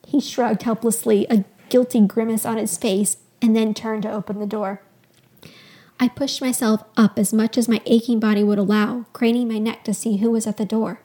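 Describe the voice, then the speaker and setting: A woman hosting a podcast, reading a fictional first-person story aloud with expressive storytelling. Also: on the high side, moderate pace. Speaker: podcast host.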